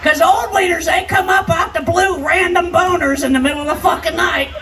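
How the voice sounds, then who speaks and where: An older woman belts out crude stand-up comedy in a high, brash voice, hammering her punchlines. She sounds far from the mic, with a loud party crowd and noise all around. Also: steady tone, fairly quick. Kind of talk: raunchy live stand-up. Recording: live stage sound, distant, crowd noise. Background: noisy party crowd.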